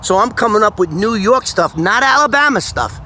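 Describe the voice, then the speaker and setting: Older guy spinning a yarn, bright voice, a bit high, slight hiss behind. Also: normal speed. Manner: animated, repeats words while telling the story. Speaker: storyteller on his own channel. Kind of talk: casual first-person storytelling.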